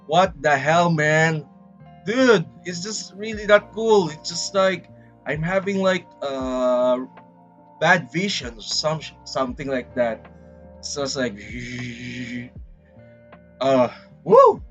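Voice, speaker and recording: A man with a Filipino English accent chats loosely with his stream audience, drawing out his words at an unhurried pace and drifting between topics. His voice sits a little high for a man. The sound is dull and lo-fi, with soft music playing underneath. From Philippines. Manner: rambling, dramatic, talks straight to chat. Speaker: livestreamer. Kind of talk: casual livestream chat. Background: faint background music.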